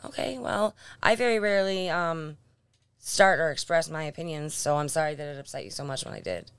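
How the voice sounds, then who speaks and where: A woman's voice: low voice, lively intonation, fairly quick, a bit bright, smooth, no echo. A woman co-hosting a casual podcast, teasing her partner in dry banter. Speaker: podcast co-host. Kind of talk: casual chat.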